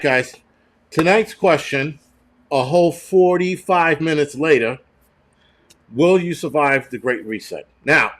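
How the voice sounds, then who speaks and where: A man's voice: on the high side, fairly bright tone. A man hosting a live stream, telling a long crude story full of swearing and reading viewer comments as he goes. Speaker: host.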